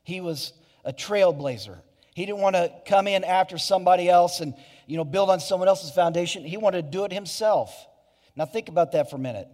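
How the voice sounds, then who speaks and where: A man's voice: sits high, a little fast, a little mellow. A man preaching a sermon to his church, earnest, with many restarts and asides. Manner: earnest preaching with frequent restarts and "you know". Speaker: pastor. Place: church sanctuary. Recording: hall reverb.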